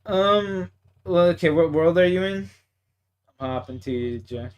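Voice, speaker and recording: Canadian male streamer, casual, profane, quick to get worked up. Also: sits high, clean tone. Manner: profane, excitable storytelling with laughs. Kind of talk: casual chat while gaming.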